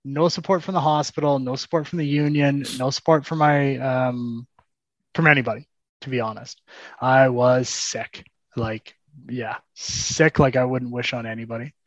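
A man in an interview, telling his story haltingly with frequent repeats and a self-deprecating tone. His voice sits at an ordinary pitch. The recording is dry and somewhat dull, like a lo-fi mic. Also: fairly even intonation, no echo. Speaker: guest.

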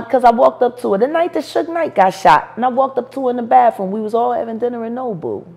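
A woman in her forties, an interview guest, telling stories in a brash, profane, animated way with bursts of laughter. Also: a little high, creaky, slightly rough. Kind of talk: storytelling interview.

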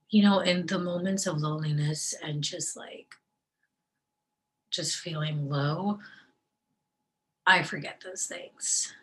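A tearful woman talking in a personal video diary, her voice slightly low and soft, often slipping into a breathy whisper. She speaks very slowly and haltingly, with long pauses between her words. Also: rough recording. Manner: slow, hesitant delivery with long pauses. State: tearful, crying. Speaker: vlogger sharing her faith.

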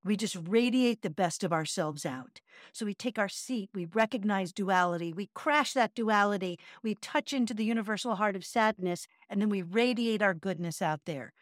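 A middle-aged woman co-hosts a relaxed podcast, explaining a practice in an earnest, chatty way and chanting short syllables. Her voice sits at a middling pitch. The recording is close and completely dry. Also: moderate pace, no echo. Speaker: podcast co-host and yoga teacher. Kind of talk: casual chat.

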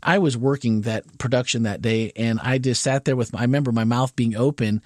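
Man, forties, earnest, winding talk, mid pitch, dry sound. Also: fairly quick, a little mellow, no room sound. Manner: earnest storyteller, winding long sentences. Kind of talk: casual conversation.

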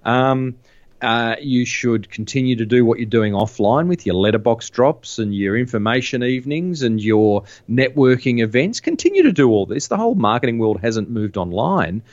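A man's voice: medium pitch, big pitch swings, normal speed, darkish tone, dry recording. A man, chatting as a guest on a podcast about marketing, with frequent restarts. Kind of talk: casual interview chat. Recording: dull, dry lo-fi sound.

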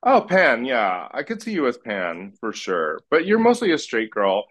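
A man of middle pitch talks loosely on a podcast, teasing his friend. His manner is blunt and salty, with plenty of swearing. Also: huge pitch swings, moderate pace, a bit bright. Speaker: podcast guest. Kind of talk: casual chat.

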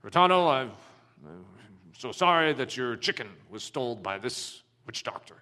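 A man's voice: medium pitch, very animated, moderate pace, sharp tone, pitched below the performer's own voice. A man voicing a tribal chief who speaks formally and apologetically while presiding over a dispute in a story. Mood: placating. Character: male tribal chief, conciliatory, official.

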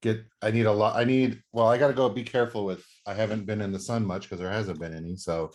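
A man's voice: on the low side, fairly even intonation, fast talker, a little mellow. A man co-hosting a podcast, talking casually with lots of fillers. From US Pacific Northwest. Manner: chatty, filler-heavy. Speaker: podcast co-host. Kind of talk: casual chat.

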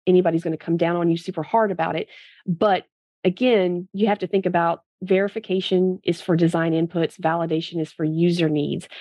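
A woman guest in a casual interview, telling stories in a candid and animated way. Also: lowish voice, dry recording, dull audio. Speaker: guest, medical device consultant.

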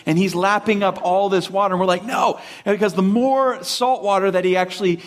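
A man preaching a sermon, animated, asking rhetorical questions and acting out the voices of complainers. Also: high-pitched, a little fast. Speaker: pastor.

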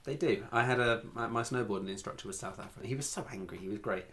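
An English man co-hosting a casual podcast chat, rambling and quick to laugh. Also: fairly low pitch, fairly bright tone. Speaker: podcast co-host.

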